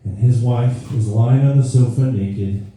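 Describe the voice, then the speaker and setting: A Scottish stand-up comedian performs live, telling a rambling story that keeps interrupting itself. His voice is mid-range, unhurried and mellow, recorded in a roomy live comedy venue with the mic far off.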